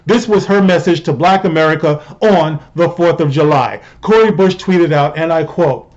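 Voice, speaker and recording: A man's voice: on the high side, moderate pace, hardly any pauses, a little mellow, lo-fi sound. A man hosting his own show, talking in a conversational, rhetorical commentary style and often checking in with the listener. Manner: conversational, rhetorical, often asks "you know what I mean". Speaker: host and commentator. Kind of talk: opinionated commentary.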